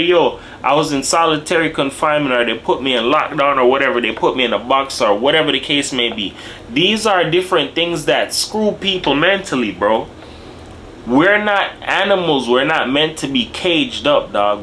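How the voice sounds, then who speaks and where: Young man, lively up-and-down delivery, bright forceful tone, casual street-slang commentary. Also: a little high, slight background noise. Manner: animated street-slang talk, tags lines with "bro" and "dog". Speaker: video commentator.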